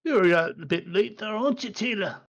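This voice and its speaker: A man's voice: high-pitched, normal speed, a bit bright, pitched above the performer's own voice. A man voicing a wary male guard at a keep. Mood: dry.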